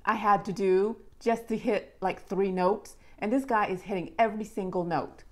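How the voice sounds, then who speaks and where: A woman's voice: medium pitch, normal speed, heavy background noise. A woman giving casual, emphatic reaction commentary, amazed by what she hears. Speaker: reaction video creator.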